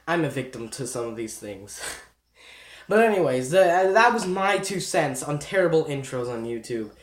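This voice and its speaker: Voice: mid-range voice, very animated, normal speed. A young YouTube commentator ranting in an exasperated, sarcastic and rambling way, often restarting sentences. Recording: echoey room.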